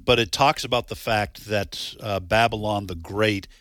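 A man hosts a radio talk show, rambling and restarting as he goes. His voice is bright and sits in a dry, close studio sound. He chuckles at himself between thoughts. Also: on the low side, steady tone, normal speed, no echo.

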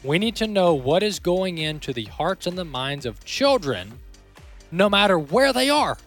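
A man's voice: sits high, very animated, moderate pace, fairly bright tone, soft background music. A man hosting an opinion commentary segment. He speaks emphatically, often repeats words and ends points with "all right?". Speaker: host.

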